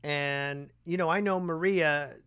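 A man hosting a podcast, chatting casually and enthusiastically, thinking out loud and affirming his guest. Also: a little high, slow, clear, resonant tone. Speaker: podcast host. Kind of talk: casual conversation.

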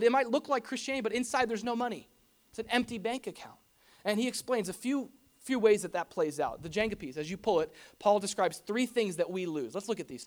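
A pastor giving a conversational sermon to a congregation, animated and full of rhetorical questions and casual asides. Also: medium pitch. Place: church hall before a congregation.

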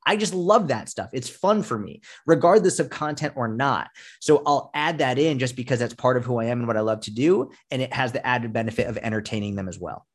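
A man's voice: medium pitch, a little fast. A man speaking as a fitness coach guest in a casual podcast interview, blunt and emphatic, with frequent swearing.

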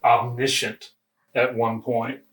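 A man appearing as a podcast guest, speaking in a halting, hesitant way with lots of pauses and fillers, often laughing. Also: medium pitch, flat delivery, a bit bright, roomy sound. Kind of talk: casual podcast discussion. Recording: voice from a distant mic.

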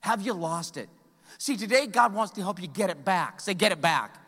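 A middle-aged man preaching a sermon as pastor, telling a story with animated delivery and acted-out voices. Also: high-pitched, moderate pace, husky. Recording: hall reverb.

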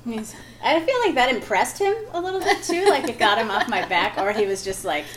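A woman comic telling a story in casual talk, animated, laughing often and acting out the voices she quotes. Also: a little high, a little fast, a loud crowd. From Wisconsin. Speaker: guest comic.

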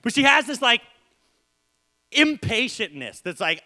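A young man preaching a sermon, acting out stories with sudden shouts and repeated words. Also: high-pitched, sing-song, a little slow. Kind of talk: animated sermon storytelling.

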